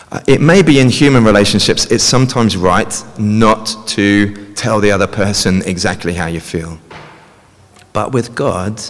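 A man preaching a sermon in a conversational way, often ending points with tag questions. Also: lowish voice. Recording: long reverb of a large hall.

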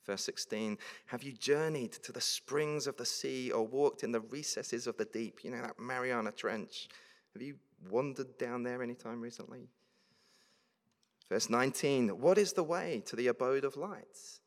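A man's voice: medium pitch, normal speed. A man preaching a sermon, reading scripture verses aloud and then explaining them in a conversational way. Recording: long reverb of a large hall.

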